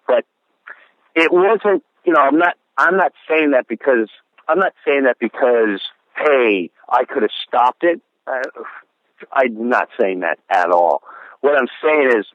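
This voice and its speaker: A man's voice: mid-range voice, fairly bright tone, dry recording. A middle-aged man tells a story in an interview, sincere and reflective. He puts on voices for the people he quotes. His voice comes through a dry, narrow phone-like line. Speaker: comedian guest.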